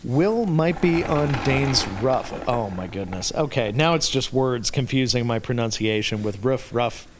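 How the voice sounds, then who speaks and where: A man's voice: medium pitch, expressive, measured pace, few pauses. A man hosting a livestream Q&A, reading viewer comments aloud and chuckling often. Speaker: host. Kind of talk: livestream Q&A chat. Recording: noisy stream audio.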